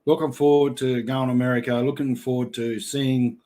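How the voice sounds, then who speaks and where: A middle-aged Australian man yarns away on a casual live stream, reading out the chat. He talks in a relaxed, blokey drawl at an everyday pitch and laughs easily between his lines. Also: fairly quick. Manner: laid-back, laughs often, blokey slang. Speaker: livestream host reading chat.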